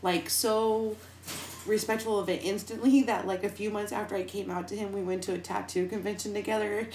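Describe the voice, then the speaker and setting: Loud, laughing podcast hostess in an echoey room. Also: female voice, medium pitch, fairly even intonation, a little fast. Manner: loud, swears freely, laughs often. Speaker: podcast host. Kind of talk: casual chat. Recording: echoey room with faint background noise.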